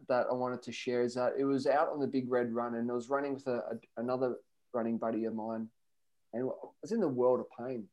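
A middle-aged man telling running stories in a casual podcast chat, acting out the voices of the people in them. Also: mid-range voice. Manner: animated storyteller, acts out voices. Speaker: podcast guest runner.

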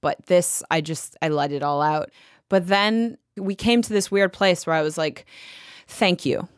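A woman's voice: on the low side, moderate pace, clean tone, no room sound. Chatty woman with a dry close sound. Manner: animated, chatty, many fillers. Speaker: interview guest. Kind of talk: casual storytelling.

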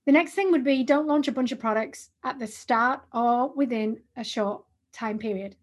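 A chatty woman in her forties talks through a business podcast with a slightly high, husky voice. She is animated and often restarts her phrases mid-thought. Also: moderate pace. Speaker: podcast co-host. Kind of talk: casual business podcast chat.

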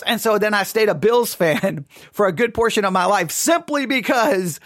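Texas-raised male Christian commentator, high-pitched, dead-dry mic sound, candid and lively, acts out quotes. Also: moderate pace, few pauses, no room sound. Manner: candid, animated storytelling with acted-out quotes. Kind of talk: casual spoken monologue. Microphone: studio microphone.

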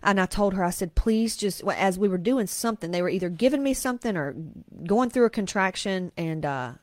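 A woman's voice: medium pitch, animated, a little fast, no echo. A woman, hosting a podcast and telling a raw, emotional personal story with plenty of swearing. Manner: emotional, confessional, frequent swearing. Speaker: podcast host.

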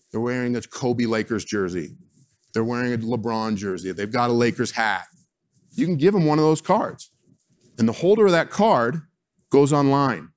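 A man speaking as a sports team executive, giving a keynote speech and telling stories in an emphatic, animated way. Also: medium pitch.

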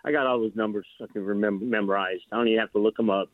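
A man's voice: lowish voice, steady tone, very fast, no echo. Rambling male caller on a tinny phone line. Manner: rambling storyteller with many restarts and fillers. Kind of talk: casual phone call to a sports radio show.

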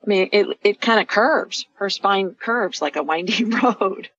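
On her live call-in show, an intuitive healer describes her visions to callers, keeping things chatty and comforting. She has a mid-range, fairly bright voice with a breathy edge and an unhurried pace, heard through dry, muffled radio audio.

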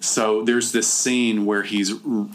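Animated, lower-voiced man casually recapping a movie. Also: slow pace, slight background noise. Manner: animated, laughing, jumps into impressions. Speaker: podcast host.

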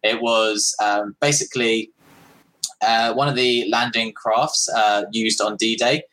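A man's voice: on the low side, fairly even intonation, slow, bright, forceful tone, rough recording. A man co-hosting a stream, laid-back and laughing often. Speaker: livestream co-host. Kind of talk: casual chat.

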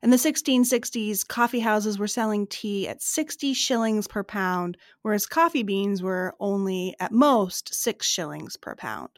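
A woman co-hosts a history podcast, her voice pitched in a middle range. Her reading is steady and even. The sound is close and dry, with no room around it. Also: measured pace, few pauses, no room sound. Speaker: podcast co-host.

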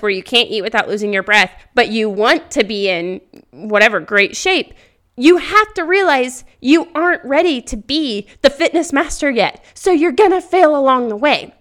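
A woman hosting a podcast, telling stories in a loud, animated way and laughing often into a podcast microphone. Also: a little high. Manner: speaks loudly; animated storytelling with frequent laughter. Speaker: podcast host. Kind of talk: casual motivational podcast monologue.

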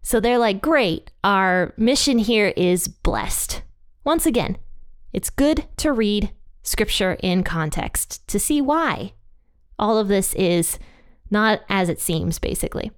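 Speaking at a medium pitch with a clean, expressive tone, this woman takes her time teaching a Bible passage. Her retelling is relaxed and conversational, full of playful quoted voices.

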